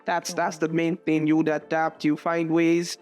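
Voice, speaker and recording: A woman's voice: low-pitched, monotone, normal speed, a little mellow, soft background music. Nigerian woman telling a story. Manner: anecdotal, restarts and repeats words. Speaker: international student teacher. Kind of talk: casual interview storytelling.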